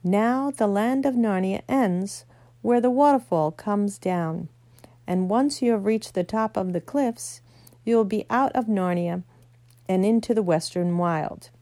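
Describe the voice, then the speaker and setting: A woman voicing a wise and commanding lion in a storybook reading, slow and solemn. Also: mid-range voice, warm tone, close to an everyday voice.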